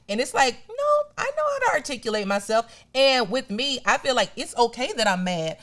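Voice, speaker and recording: A woman's voice: fairly high pitch, a little fast. Chatty woman podcast co-host. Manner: animated, acts out quoted exchanges. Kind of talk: casual chat.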